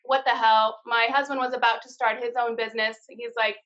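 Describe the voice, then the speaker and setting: A woman in her thirties speaks in a high, bright, forceful voice. She tells her story with blunt candor and plenty of swearing. The live-stream audio is dull and lo-fi. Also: flat delivery, a little fast. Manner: candid storytelling with frequent swearing. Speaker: guest, card-deck founder. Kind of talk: casual live-stream interview.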